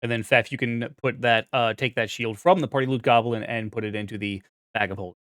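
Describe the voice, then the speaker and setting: A man's voice: medium pitch, steady tone, a little fast, fairly bright tone, smooth, dry recording, studio quality. A young man narrating as game master, rambling with fillers and restarts.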